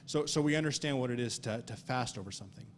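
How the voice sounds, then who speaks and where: Guy teaching sunday school, earnest, repeats himself a lot, average-pitched voice, bit of faint noise behind. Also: quick pace. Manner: earnest, repeats words and restarts often; reads scripture aloud in old-fashioned wording. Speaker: Bible study teacher.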